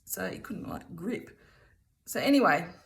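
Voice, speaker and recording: A woman's voice: fairly low pitch, animated, measured pace, vocal fry. A middle-aged woman with an Australian accent telling a rambling story in a chatty, casual way. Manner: chatty, rambling, keeps returning with "anyway". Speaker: vlogger.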